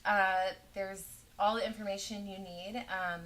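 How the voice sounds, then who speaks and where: A woman speaking as a guest in a talk show interview. Her voice sits at a medium pitch. She sounds relaxed, slightly hesitant and fills her pauses with short ums. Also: poor audio. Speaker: guest, magazine publisher.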